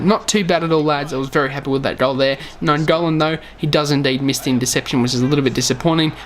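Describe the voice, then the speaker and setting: A man's voice: fairly high pitch, a bit bright, slight background noise. A tired young man, talking over his own game footage and calling every play to his "lads". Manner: calls each play, says "lads" often. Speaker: gaming YouTuber.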